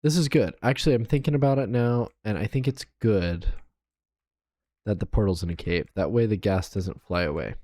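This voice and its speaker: A man streaming a video game live, talking casually and counting quietly to himself as he builds. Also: fairly low pitch, normal speed, dry recording, clean studio sound. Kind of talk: casual gameplay commentary.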